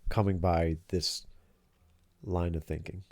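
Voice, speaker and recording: A middle-aged man talks casually with his daughter in a deep voice. He rambles, restarts and gropes for his point. His tone is warm and dark, and the recording is dry. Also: little pitch movement, slow, no echo. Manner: rambling, searching for words. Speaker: podcast host. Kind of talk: casual father-daughter chat.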